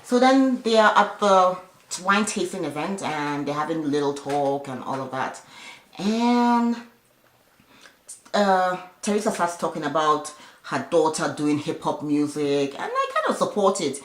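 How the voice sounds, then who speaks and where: A woman's voice: sits low, very animated, unhurried. A woman giving a casual, chatty recap of a reality show, with opinionated asides along the way. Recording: echoey room.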